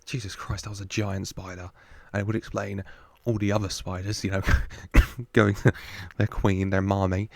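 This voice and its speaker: Gravelly low-voiced man reacting. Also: little pitch movement, moderate pace, few pauses. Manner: chatty, laughs often, jokes with the screen. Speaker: reaction video host. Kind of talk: casual film reaction commentary.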